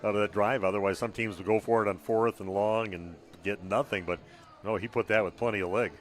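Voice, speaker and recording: A man calling a high school football game live on radio as the play-by-play announcer, talking loosely with frequent "uh" fillers. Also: steady tone, brisk.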